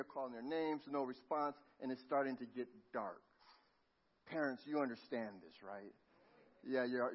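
A middle-aged man preaching a sermon, telling a family story and dropping to a near hush at tender moments. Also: a little high. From Los Angeles. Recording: muffled lo-fi sound.

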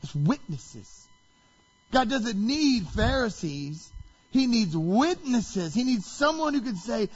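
Male pastor, sermon, raised husky voice, dramatic delivery, muffled recording. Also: very high voice, very animated, takes it slowly. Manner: dramatic, shifts between hushed and shouted quotes.

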